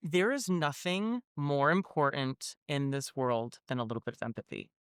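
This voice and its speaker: A woman's voice: extremely low pitch, normal speed, smooth, no echo, studio quality. A woman speaking earnestly and emphatically in a casual chat.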